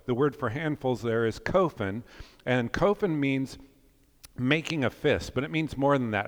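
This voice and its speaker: A man in his fifties preaching a sermon as pastor, animated and jokey, swinging between loud urging and quiet, earnest reflection. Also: mid-range voice. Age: 50s. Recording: long hall reverb.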